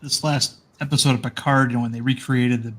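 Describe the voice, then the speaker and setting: A man's voice: medium pitch, steady tone, a little fast, a bit bright. A man chatting casually as co-host, rambling with frequent restarts and fillers. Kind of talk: casual chat.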